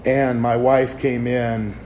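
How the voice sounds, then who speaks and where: A man in his forties delivers a personal testimony sermon to a youth group, speaking candidly and breaking off to restart his sentences. His voice sits at an ordinary middle pitch. A steady layer of background noise runs under the recording. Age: 40s. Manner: candid and rambling, with halting restarts.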